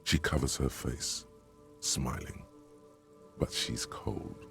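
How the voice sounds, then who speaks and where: An actor voicing a grave, watchful male narrator in a video game, speaking in a deep gravelly husky voice. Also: fairly even intonation, takes it slowly, sharp tone, faint music behind, full character voice. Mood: somber.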